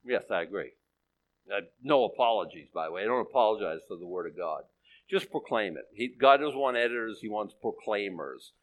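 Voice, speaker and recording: A man in his sixties, a pastor preaching a sermon, emphatic and animated, reading scripture and making sarcastic asides. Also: mid-range voice. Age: 60s. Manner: reads scripture aloud in older English.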